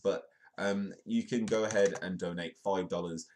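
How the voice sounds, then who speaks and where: Man, very low voice, sick, comedic news host, reads articles aloud, rambling sardonic asides. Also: steady tone, normal speed, a little mellow, a little hiss or hum. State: ill, voice affected.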